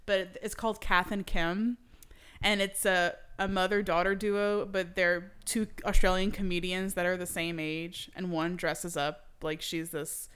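Chatty American woman, smooth voice. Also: lowish voice, flat delivery, measured pace, a bit bright. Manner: chatty, laughs often, many "like" fillers. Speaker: podcast co-host. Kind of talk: casual film discussion.

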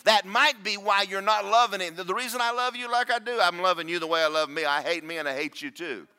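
A man preaching a sermon as pastor, loud and booming, with self-deprecating humor. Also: fast, smooth. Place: church.

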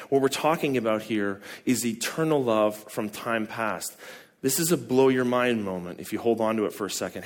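A man preaching a sermon as a pastor, talking to the congregation in a conversational way, asking questions and acting out short quoted lines. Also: mid-range voice.

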